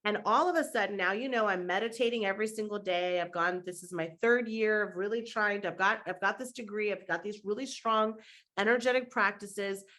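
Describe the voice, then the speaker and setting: A woman's voice: mid-range voice, brisk, bright, forceful tone. A middle-aged woman, a mindset coach on a podcast, telling a story with animation and acting out the other people's lines.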